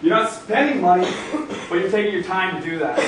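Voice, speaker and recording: A young man with a fairly high voice speaks to a university crowd with punchy, repetitive emphasis. He is picked up from a distance, so the hall's echo carries his words, and a faint hum of room noise sits underneath. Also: fairly quick. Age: young adult. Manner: energetic, emphatic, repeats phrases. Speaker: guest speaker. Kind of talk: motivational talk. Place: university event hall. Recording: echoey room, recorded from far off.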